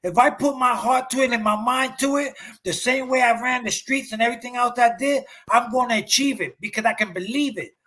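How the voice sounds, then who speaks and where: A man's voice: very high voice, brisk, few pauses, bright, forceful tone. A man co-hosting a podcast, talking bluntly and passionately with plenty of swearing. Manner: blunt, fired-up, swears freely. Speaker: podcast co-host. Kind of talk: motivational talk.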